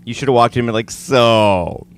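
A man hosting a casual podcast chat, playful and teasing, jumping in with quick questions. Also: mid-range voice, flat delivery. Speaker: podcast host.

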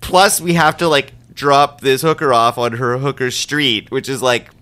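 Bright-voiced man telling a rambling story. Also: medium pitch, steady tone, moderate pace. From Winnipeg. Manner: rambling, laughing, many "like" fillers. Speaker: storyteller on a podcast. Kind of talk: casual anecdote among friends.

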